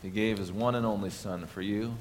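Low-voiced earnest male pastor. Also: fairly even intonation, fairly quick, a little hiss or hum. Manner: earnest, builds up then drops to soft emphasis. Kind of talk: Christmas sermon.

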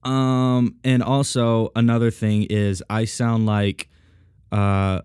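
A man's voice: lowish voice, level tone, slow, a little mellow, clear, resonant tone, no room sound, studio quality. A man hosting a podcast alone, chatting casually in a joking, rambling way, his voice thick and congested from a sinus cold. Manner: joking, rambling, self-mocking. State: congested, sniffly, sinus-deepened voice. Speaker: podcast host. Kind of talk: casual solo podcast chat.

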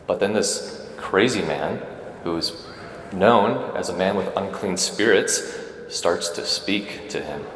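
A man with a low voice preaches a homily at Mass. He talks in a relaxed, conversational way and often checks in with his listeners. The sound is roomy and echoing, with a long church reverb and faint ambience behind him. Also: slight background noise. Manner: conversational, asks the congregation "right?" often. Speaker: Catholic priest.

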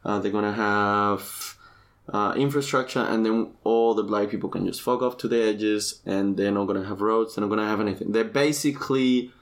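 Male podcast co-host, candid and profane, relaxed storyteller. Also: lowish voice, moderate pace. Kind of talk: casual chat.

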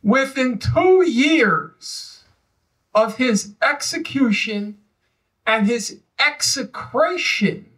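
A man's voice: very high voice, pushed and bright, far from the mic, poor audio. A man, a historian and guest speaker, talking in a live public discussion in an emphatic, storytelling way. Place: live event venue.

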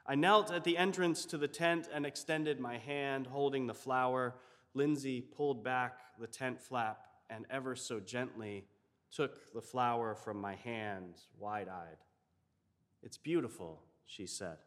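Male chaplain telling a story slow and reflective, long hall echo, mid-pitched. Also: a bit bright. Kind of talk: storytelling sermon.

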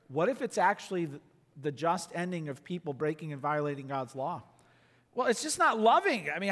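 A man preaching a sermon in an earnest, emphatic way, often dropping to a quiet, intense tone. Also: high voice, long reverb tail. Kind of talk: sermon teaching.

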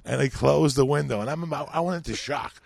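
A man's voice: medium pitch, fast, creaky, dry recording, clean studio sound. A man telling rambling, profane stories as a comedian guest on a podcast. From New York. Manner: animated, swearing, rambling.

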